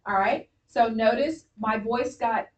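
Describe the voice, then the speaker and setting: A woman teaching a classroom reading lesson, encouraging and clear as she gives instructions. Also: a little high, a little slow, lo-fi sound. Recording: distant mic with faint noise.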